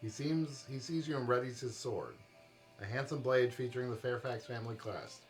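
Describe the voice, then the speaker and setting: A man narrating a tabletop fantasy game as game master on a live stream, in a steady storybook manner. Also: medium pitch, normal speed.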